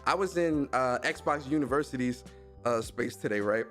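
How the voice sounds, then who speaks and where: A man hosting a gaming show, telling a story in a casual, animated rant full of swearing and mocking impressions. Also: medium pitch, normal speed, soft background music. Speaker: gaming podcast host.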